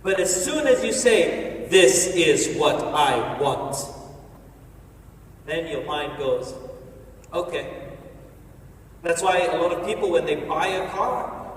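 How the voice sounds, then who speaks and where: A man giving an energetic, playful motivational talk on stage in a large hall, telling the audience what to do. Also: sits high, moderate pace, a little hiss or hum. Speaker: motivational speaker. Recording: echoey hall from far off, faint ambience.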